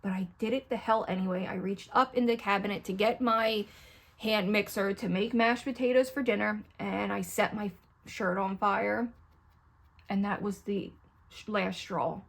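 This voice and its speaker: A woman's voice: medium pitch, fairly even intonation, moderate pace, gravelly. A middle-aged woman talks straight into the camera at home as she does her makeup, chatty and candid. She rambles from one story to the next and keeps turning to her viewers. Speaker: beauty vlogger. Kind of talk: casual get-ready-with-me chat.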